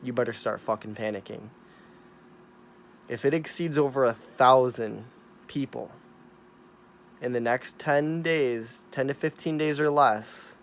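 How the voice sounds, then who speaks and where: A man at an ordinary middle pitch rants to his camera, swearing freely and repeating phrases for emphasis. He lurches between muttered asides and loud, insistent bursts. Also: normal speed, long pauses. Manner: profane, emphatic, repetitive, swinging from mumbling to loud. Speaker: vlogger. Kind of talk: ranting monologue to camera.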